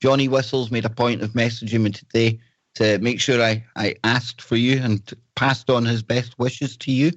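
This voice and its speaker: Scottish host from the far north. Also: male voice, medium pitch, fairly even intonation, moderate pace, dry recording, highs cut off. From Scotland. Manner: joking, rambling. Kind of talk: casual podcast chat.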